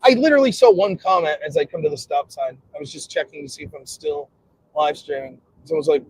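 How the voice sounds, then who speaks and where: A man's voice: fairly high pitch, fairly quick, slightly rough, low-quality recording. A man in his forties live streaming from his car, talking casually with sarcasm, frequent swearing and bursts of ranting. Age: 40s. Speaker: streamer host. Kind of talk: casual live stream talk while driving. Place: car on the road.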